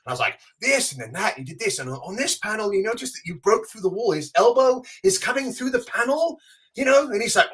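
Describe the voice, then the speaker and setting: A man co-hosting a podcast, telling an animated story in casual chat and acting out the quotes. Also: high voice, brisk, breathy edge. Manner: animated, acts out quotes with big swings. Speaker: podcast co-host.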